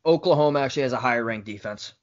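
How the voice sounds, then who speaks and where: A man co-hosting a casual sports podcast, quick to argue and needle the others. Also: mid-range voice. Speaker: podcast co-host. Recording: dull lo-fi podcast audio.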